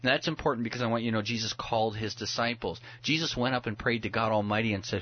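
A man's voice: fairly low pitch, quick pace, hardly any pauses, muffled recording. A man speaking as a pastor, explaining scripture earnestly in a conversational preaching style. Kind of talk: preaching on a talk show.

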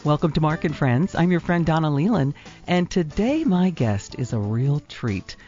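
A woman's voice: sits low, very animated, normal speed, dark tone, dull audio, faint music behind. A woman hosting an interview show, chatty and enthusiastic as she introduces her guest. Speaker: host.

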